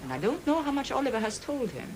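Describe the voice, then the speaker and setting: A prim administrator. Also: female voice, high voice, sing-song, fast talker, a little mellow, a little hiss or hum. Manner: prim, easily exasperated. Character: prim, flustered woman running a mental hospital. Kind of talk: 1980s sitcom acting.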